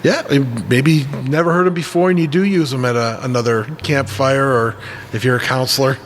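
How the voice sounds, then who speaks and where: A man's voice: mid-range voice, fairly quick, a little hiss or hum. A man hosting a podcast in casual chat, rambling and playful, laughing often. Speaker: podcast host.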